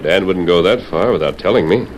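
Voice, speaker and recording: An actor playing a calm, reassuring masked Western hero, in 1940s radio acting. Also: male voice, low voice, fairly quick, natural voice. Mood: steady. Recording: distant noisy 1940s radio broadcast.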